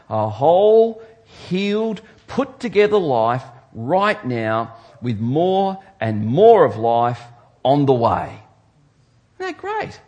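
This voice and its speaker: A man preaching from the pulpit with a husky, breathy edge to his voice. He delivers his sermon emphatically, swinging between hushed, low passages and loud, rising ones. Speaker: pastor.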